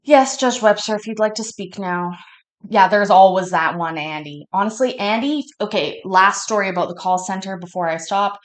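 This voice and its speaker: A woman's voice: medium pitch, moderate pace. A woman, stoned, telling rambling, profane stories as she reacts to a court show. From Canada. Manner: chatty, profane, easily sidetracked. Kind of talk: casual rambling storytelling.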